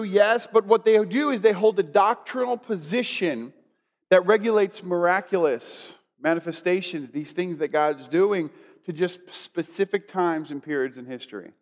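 Pastor, male, chatty preacher, slightly high voice, echoing sanctuary. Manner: conversational, preacherly, leads congregation in declarations. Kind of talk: sermon. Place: church sanctuary. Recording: long hall reverb.

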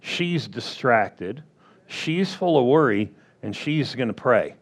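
A man preaching a sermon as pastor, drawing out words and acting out quick playful quotes. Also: mid-range voice, lively intonation. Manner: slow, drawn-out delivery with playful acted-out quotes.

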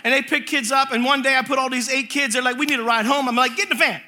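High bright-voiced man preaching a comic story. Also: quick pace. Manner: animated, acts out voices, laughs through story.

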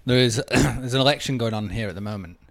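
Young Aussie male co-host, mid pitch, light and teasing. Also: quick pace, vocal fry. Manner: laughs easily, teasing. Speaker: podcast co-host. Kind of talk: casual chat.

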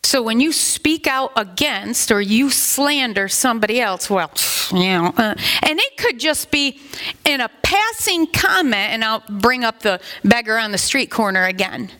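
A woman pastor preaching a sermon in a conversational, animated way, acting out quotes and adding asides. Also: on the high side, a little slow. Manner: animated, acts out quotes in put-on voices.

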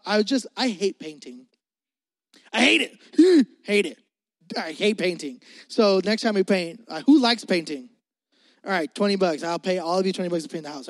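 High-voiced chatty young pastor, man. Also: dry recording. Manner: chatty, full of fillers and asides to the crowd. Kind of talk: casual youth sermon.

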